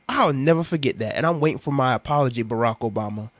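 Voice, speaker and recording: Young man, sarcastic rant, preachy, animated, dry close sound. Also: medium pitch, fast talker, few pauses, dry recording. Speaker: commentary vlogger. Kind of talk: ranting monologue to camera.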